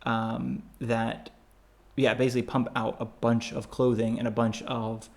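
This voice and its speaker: A man co-hosting a travel podcast in a loose, casual chat. His voice is mid-pitched with a gravelly edge, and he rambles, full of fillers and restarts. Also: flat delivery, measured pace. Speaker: podcast co-host.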